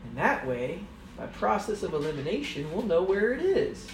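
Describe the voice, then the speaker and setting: A man's voice: sits high, big pitch swings, moderate pace, echoey room, far from the mic, a little hiss or hum, pitched above the performer's own voice. A woman doing a bumbling Irish private eye. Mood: boastful.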